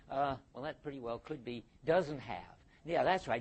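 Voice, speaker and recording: Older man lecturing, halting and musing. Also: medium pitch, expressive, a little mellow, husky. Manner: halting, restarts and thinks aloud. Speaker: philosophy lecturer. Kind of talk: university lecture.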